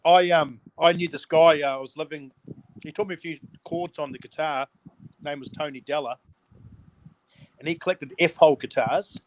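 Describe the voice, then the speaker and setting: A man in a casual chat who talks in a hesitant, halting way. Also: fairly high pitch, steady tone, a little hiss or hum, poor audio. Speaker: co-host.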